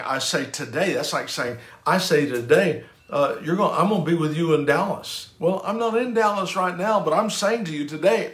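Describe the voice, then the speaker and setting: A man's voice: medium pitch, fairly bright tone. Preaching man in an echoey room. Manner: emphatic preaching with repeated phrases and restarts. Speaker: pastor. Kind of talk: sermon.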